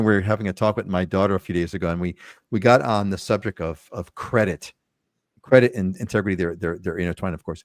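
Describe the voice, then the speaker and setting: A man's voice: fairly low pitch, no echo, studio quality. A man hosting a live real estate show, talking with enthusiasm and often repeating words as he starts his sentences. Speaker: host.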